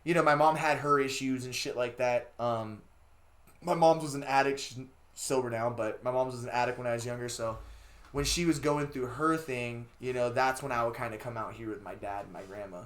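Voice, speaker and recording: A man's voice: mid-range voice, brisk. Profane, rambling young man from Los Angeles. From Los Angeles, USA. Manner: profane, rambling, loud bursts when excited. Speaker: interview guest, beatmaker. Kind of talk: casual interview chat.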